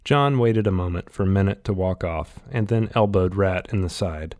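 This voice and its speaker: A man reading a novel aloud in steady, scripted audiobook narration. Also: sits low, normal speed.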